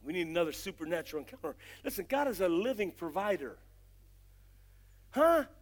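A middle-aged man preaching a fiery revival sermon, impassioned with shouted bursts and drawn-out emphasis, folksy in his speech. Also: high voice. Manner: folksy, uses "gotta" and "ain't".

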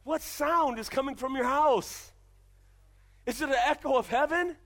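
A man's voice: extremely high pitch, unhurried, a bit bright. A man pastor preaching a sermon in a church, emphatic and full of repeated rhetorical questions.

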